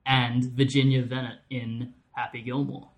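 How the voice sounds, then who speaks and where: A man's voice: mid-range voice, flat delivery, moderate pace. A man hosting a casual film podcast, joking dryly and steering the talk. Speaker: podcast host. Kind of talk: casual chat.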